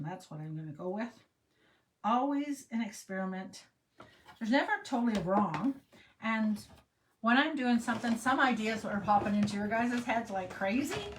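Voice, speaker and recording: Middle-aged female craft host, chatty and meandering, light background hiss. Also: fairly high pitch. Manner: chatty, rambling, talks to herself while working. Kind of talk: casual crafting demo chat.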